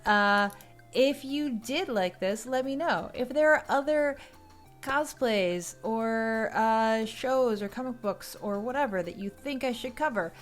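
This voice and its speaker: A woman's voice: on the high side, animated, unhurried, faint music behind. A woman hosting a cosplay and cocktail video, talking casually with a loose, chatty manner and plenty of fillers.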